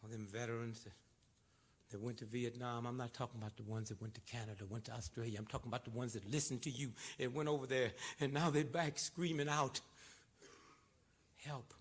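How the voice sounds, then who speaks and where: A man giving an impassioned, sarcastic lecture, swinging between shouting and hushed asides. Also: medium pitch, fairly even intonation, fairly quick, breathy edge. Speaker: public speaker. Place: lecture hall.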